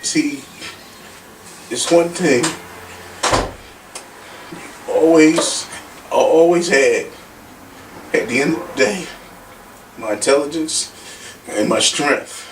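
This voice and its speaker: Profane, animated man telling stories. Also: on the high side, slow pace, long pauses. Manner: profane, animated storyteller with street slang. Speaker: interview guest, former pro wrestler. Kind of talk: casual shoot interview storytelling. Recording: echoey room, distant mic, noisy.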